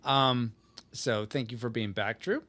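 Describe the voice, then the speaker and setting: A man hosting a podcast in casual, joking banter, quick to laugh. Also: mid-range voice. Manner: jokey, animated, laughs often. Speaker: podcast host. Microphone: podcast mic.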